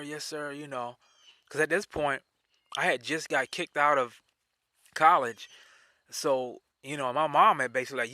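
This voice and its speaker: A man telling a personal story in a casual, animated way, often repeating himself. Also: medium pitch, no room sound.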